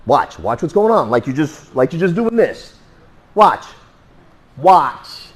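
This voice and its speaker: A man's voice: on the high side, big pitch swings, moderate pace, darkish tone. A man teaching a self-defense class, blunt and joking, who swears casually and makes sound effects while he demonstrates moves. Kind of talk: hands-on class instruction.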